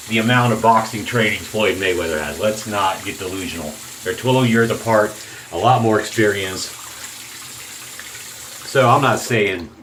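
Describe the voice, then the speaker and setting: Lowish voiced guy rambling his opinions, restarts a lot, faint hiss behind. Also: a bit bright, poor audio. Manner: opinionated, rambling, self-interrupting. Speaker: shaving channel host. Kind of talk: casual rambling monologue.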